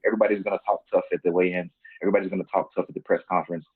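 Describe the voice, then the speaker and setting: A man's voice: low voice, flat delivery, rapid-fire, breathy edge. A man, a fighter guest on a podcast, talking earnestly from his own experience in casual chat. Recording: tinny phone-like line.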